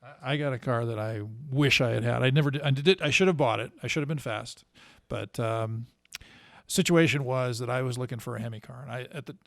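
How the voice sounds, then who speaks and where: A man's voice: mid-range voice, a little fast, creaky, fairly bright tone, no echo, clean studio sound. A man casually telling a long, rambling car story, full of fillers and restarts. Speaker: co-host telling car stories.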